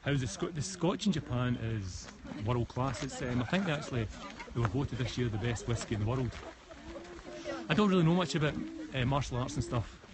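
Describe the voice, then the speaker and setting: A man's voice: mid-range voice, animated, fairly quick, crowd noise. Chatty West of Scotland man. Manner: chatty, answers comments, frequent restarts. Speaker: live-stream host. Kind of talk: casual live-stream chat answering comments. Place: mountain forest path outdoors. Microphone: phone held while walking. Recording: outdoor phone stream with clear background noise.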